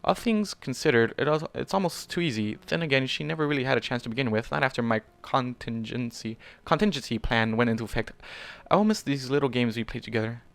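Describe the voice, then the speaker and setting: A man's voice: mid-range voice, fast talker, hardly any pauses, fairly bright tone, natural voice. A man reading aloud and voicing a smug, scheming male unicorn villain who gloats and taunts while worn out. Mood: smug gloating. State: tired, wheezing and short of energy.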